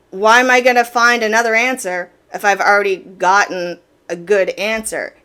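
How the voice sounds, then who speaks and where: Woman, casual commentary host, direct, explanatory, mid pitch, repeats words for emphasis. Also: fairly bright tone.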